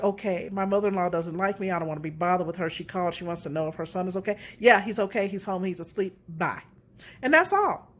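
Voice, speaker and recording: A middle-aged woman hosting a casual relationship talk, candid and animated as she tells her own story. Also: mid-range voice.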